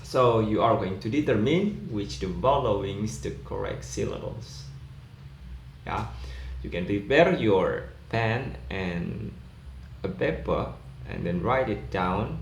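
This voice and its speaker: A man explaining an English pronunciation lesson in a slow, measured way, pausing on fillers as he goes. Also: on the low side, expressive, vocal fry. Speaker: lecturer. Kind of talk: recorded lesson explaining rules. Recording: echoey room, faint background noise.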